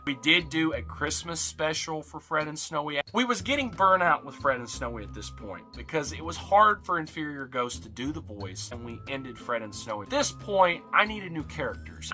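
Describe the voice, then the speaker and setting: A young man tells the story of his channel with lively, bouncing emphasis. His voice sits a little high and rings very bright. Soft music plays quietly under him. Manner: animated, jumpy emphasis. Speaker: YouTuber. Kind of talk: retrospective narration. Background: faint music.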